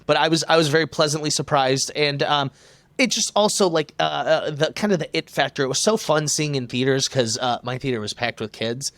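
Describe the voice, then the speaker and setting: A man leading a casual podcast conversation in a voice a little higher than most men's. He sounds playful and enthusiastic, and the recording is dry with no room sound. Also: fairly quick, a bit bright, dry recording.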